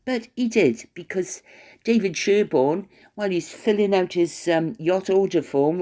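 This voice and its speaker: A woman's voice: medium pitch, animated, moderate pace, mellow. A woman giving an opinionated commentary monologue, scornful, with stammering restarts. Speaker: commentary vlogger.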